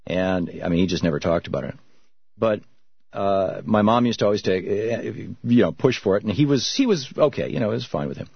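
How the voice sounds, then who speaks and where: Middle-aged male talk-radio host, low and husky, dull dry broadcast audio. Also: animated, dry recording. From Michigan, US. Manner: reflective storytelling, halting with restarts.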